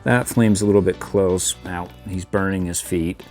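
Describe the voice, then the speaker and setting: A deep, slightly mellow male voice with a steady tone moves at a moderate pace over soft background music. The middle-aged man is hosting a relaxed toy review, chuckling playfully and voicing little sound effects as he poses the figures.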